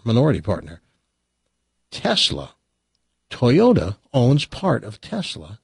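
A chatty talk show host, a man with a husky, dry-sounding voice. His pitch swings around lively as he rattles off facts and drops wry asides. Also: dry recording. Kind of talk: casual chat and joke telling.

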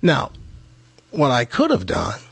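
A man's voice: mid-range voice, slow, vocal fry, breathy edge, no room sound. A man from Tennessee hosting a radio talk show, telling a personal story and acting out the voices in it. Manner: animated storyteller acting out quoted dialogue. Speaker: radio host.

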